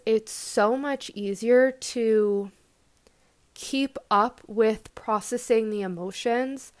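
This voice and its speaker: A young woman with a slightly higher voice talks through a casual self-help monologue. She sounds reflective and gentle, drifting into relaxed "like" fillers as she thinks aloud. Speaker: podcast host and coach.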